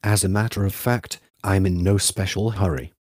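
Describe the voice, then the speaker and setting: A man's voice: low-pitched, fairly even intonation, moderate pace, dry recording, studio quality. A man reading the part of a male schoolteacher who collects insects, answering defensively and insistently.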